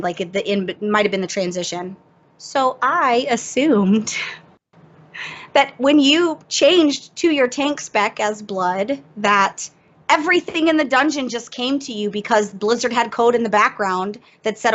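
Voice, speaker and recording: Animated woman on a lo-fi podcast. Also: mid-range voice, measured pace. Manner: animated, self-mocking, laughs through the story. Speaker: podcast guest. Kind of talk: casual storytelling chat. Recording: dull lo-fi audio.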